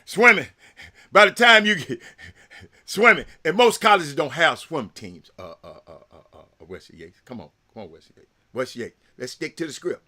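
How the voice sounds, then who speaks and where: Guy hosting a talk show, rambles and repeats himself, real lively up and down voice. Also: on the high side, normal speed. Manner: rambling, repeats words, addresses viewers as y'all. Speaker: sports talk show host. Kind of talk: casual talk to viewers.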